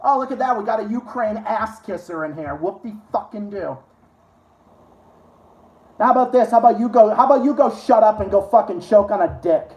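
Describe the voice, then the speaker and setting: A man's voice: high-pitched, moderate pace, darkish tone, dull audio. Profane, sarcastic ranting man. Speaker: live-stream host. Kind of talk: ranting live-stream chat. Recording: roomy echo.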